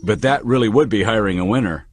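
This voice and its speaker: A man's voice: on the low side, fast talker, no echo, lightly acted. A man reading the part of a curious young man asking earnest questions. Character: curious young male job-seeker, eager learner.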